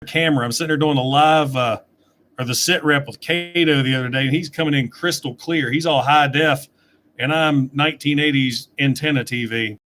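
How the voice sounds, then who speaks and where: A man's voice: mid-range voice, normal speed, fairly bright tone, a little hiss or hum. A middle-aged man chatting casually on a livestream, reading out and answering viewer questions from his desk webcam. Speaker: toy reviewer answering live chat.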